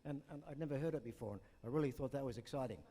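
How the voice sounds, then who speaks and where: At an awards night, an older New Zealand comedian rambles through his stand-up, mixing jokes with asides. His mid-range, mellow voice moves very fast, with long reverb from the hall.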